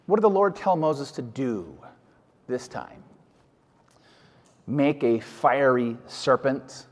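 A man preaching a sermon, emphatic, often putting questions to his listeners. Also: fairly high pitch. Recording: hall reverb.

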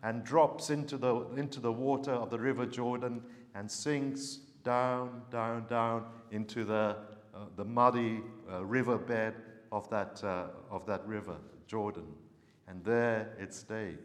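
A man preaching a sermon, telling a story in an earnest, unhurried way. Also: medium pitch, steady tone, big-room sound.

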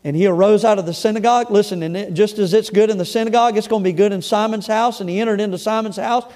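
In a church sanctuary, a middle-aged pastor preaches a sermon in a high, steady, darkish voice at a quick pace. He reads scripture aloud and comments on it with humorous asides and conversational stories, telling them casually and restarting sentences now and then.

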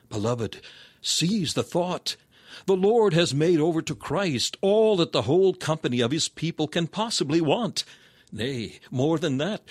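A man reading a sermon aloud in old-fashioned scriptural language. He is solemn and measured, and his pitch climbs for emphatic appeals. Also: no room sound. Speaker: preacher.

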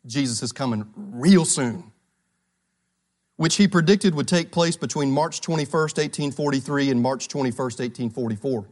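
High-voiced guy preaching, says the same line over and over, asks the church questions. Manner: emphatic, repeats key phrases. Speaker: pastor. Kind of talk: sermon.

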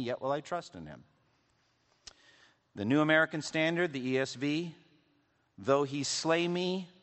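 A man's voice: medium pitch, fairly bright tone. A man preaching a sermon as pastor, reading scripture aloud with conversational, wry asides to the congregation. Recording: long reverb of a large hall.

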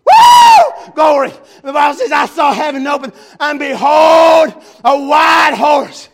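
High gravelly shouting preacher man. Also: fairly even intonation, unhurried, some chatter behind. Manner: fervent, shouting, repeats refrains. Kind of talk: shouted revival sermon.

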